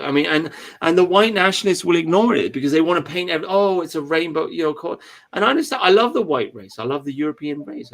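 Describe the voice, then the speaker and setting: A man's voice: fairly high pitch, creaky. An English man hosting a livestream chat, talking emphatically in a ranting way with frequent restarts. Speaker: livestream host. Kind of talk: casual political chat.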